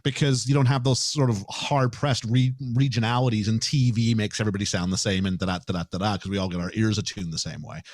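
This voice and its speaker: A man from Canada talking as a podcast guest in casual chat, explaining things quickly and restarting his sentences often. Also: fairly low pitch, no echo, studio quality. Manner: fast, animated, explanatory talker with many restarts.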